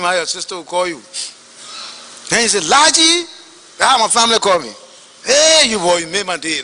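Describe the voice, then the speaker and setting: A man with a Liberian English accent testifying at a hearing, telling his story in an animated way and acting out the dialogue. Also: high-pitched, big-room sound, rough recording. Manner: animated, acts out quoted dialogue.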